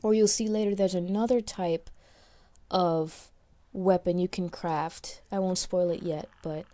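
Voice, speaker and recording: A woman's voice: lowish voice, fairly even intonation, a little slow, dark tone. A woman from New York with a slight New York accent, giving casual, rambling let's play commentary recorded after playing. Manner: chatty, rambling, many restarts and fillers.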